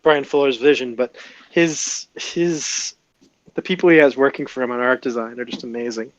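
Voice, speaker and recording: A man's voice: mid-range voice, steady tone, no echo, muffled recording. Man chatting in a dry close sound. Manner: halting, many restarts and fillers. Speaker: player. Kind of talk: casual chat at the gaming table.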